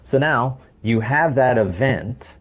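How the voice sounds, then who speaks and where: A man's voice: mid-range voice, lively intonation, slow pace. A man speaking as a podcast guest, explaining emphatically and often asking rhetorical questions. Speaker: podcast guest, stress coach. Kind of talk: explanatory interview talk. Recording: tinny phone-like line.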